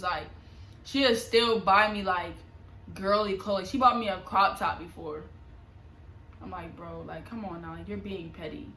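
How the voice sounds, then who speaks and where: A woman's voice: medium pitch, bright, forceful tone, slight background noise. A young woman vlogger telling a personal story in a casual, slangy, confiding way. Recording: echoey room.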